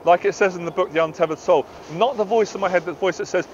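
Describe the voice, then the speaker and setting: A man's voice: sits high, quick pace, few pauses, muffled recording, a little hiss or hum. A British man, a confidence coach, giving a passionate, emphatic motivational talk to camera outdoors.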